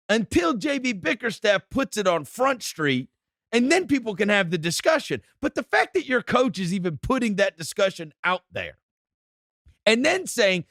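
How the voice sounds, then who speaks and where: This is a man with a voice pitched slightly above average that swoops up and down as he makes his points. He talks emphatically and teases his co-host. The recording is close and dry, with no room sound. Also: moderate pace, no room sound. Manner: emphatic, teasing, animated. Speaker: podcast co-host. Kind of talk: casual sports podcast chat.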